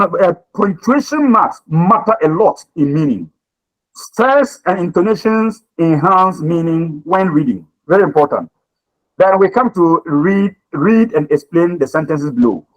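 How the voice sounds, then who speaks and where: A man's voice: sits high, lively intonation, unhurried, poor audio. A man teaching a communication class, lecturing and questioning students, often repeating his words.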